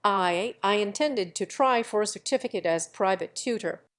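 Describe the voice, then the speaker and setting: A woman voicing a timid, earnest young male prince who answers in a hesitant, halting way. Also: medium pitch, close to an everyday voice.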